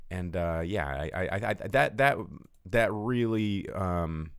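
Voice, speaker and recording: A man with a low voice telling a rambling story on a casual movie show. His pitch swings widely and he leans on fillers and false starts. The sound is dry and close, with no room echo. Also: measured pace. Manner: animated storytelling, jumps high for quoted voices; rambling with many fillers and restarts. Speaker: podcast co-host.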